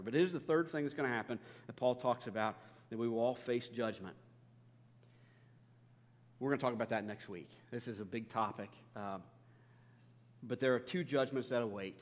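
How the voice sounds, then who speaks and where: A man's voice: medium pitch, normal speed, long pauses, long reverb tail. A man, a pastor, preaching a sermon with humorous, self-deprecating stories.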